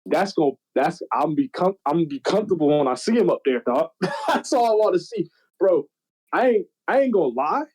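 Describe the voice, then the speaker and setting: A young man in casual podcast chat, telling stories in an animated, slangy, profane way. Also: sits high, fairly quick, breathy edge, low-quality recording. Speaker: podcast guest.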